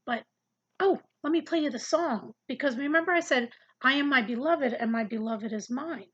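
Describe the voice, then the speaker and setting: At normal speed, a woman with a high, fairly bright, slightly rough voice gives an earnest, easygoing Bible study lesson to the camera. The sound is muffled, and she tends to repeat words while finding her next thought.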